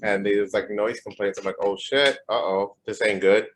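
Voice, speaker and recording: A young man with a very deep, low voice tells a party story on a podcast. He is laid-back and slangy, drifting through fillers and casual swearing. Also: little pitch movement, normal speed, background noise. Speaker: podcast co-host.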